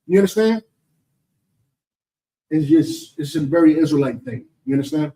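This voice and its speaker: A man's voice: fairly high pitch, expressive, normal speed, pauses often, warm tone, far from the mic, rough recording. A man with an American accent teaching and answering questions in a preaching session, emphatic and rhetorical, often asking "you understand?".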